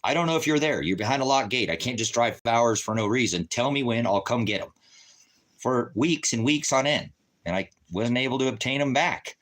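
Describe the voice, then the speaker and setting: Brisk and lively in intonation, a man with a medium-pitched, fairly bright voice vents his anger in a casual rant about a personal story. He's agitated and profane, swearing and reenacting arguments with others through quoted voices.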